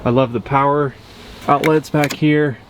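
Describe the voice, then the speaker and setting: Upbeat male truck vlogger, casual walkaround delivery, ordinary mid-range voice, clear background noise. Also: medium pitch, steady tone, a little slow. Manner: easygoing, upbeat, frequent "um" fillers. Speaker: truck reviewer. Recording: windy outdoor noise.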